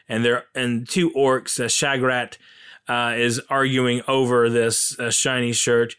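Casual male film commentator, eager, rambling, smooth clear tone, mid pitch. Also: fairly even intonation, a little slow, fairly bright tone. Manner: enthusiastic, rambling with many fillers.

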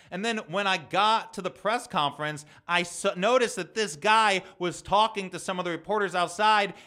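A young man with a fairly high, bright voice, hosting his own podcast. He talks in a casual, heated rant and swears freely as he vents. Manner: heated, ranting, profane. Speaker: podcast host and comedian.

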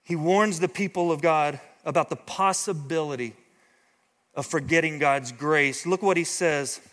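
A male pastor preaching a sermon, talking straight to his congregation in a lively, engaging way. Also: fairly high pitch, a little slow, long reverb tail.

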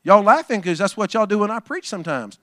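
High-voiced pastor, preaching hard. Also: male voice, sing-song, fast talker, dry recording, studio quality. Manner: swings from low asides to shouted exhortation; folksy, calls out to the congregation. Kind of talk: sermon.

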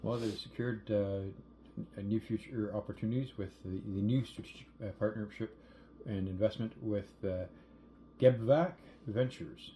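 A man co-hosting a casual podcast, his voice low and mellow. He speaks in a measured, halting way full of fillers. A faint hiss sits under the recording. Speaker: podcast co-host. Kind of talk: casual chat. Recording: faint background noise.

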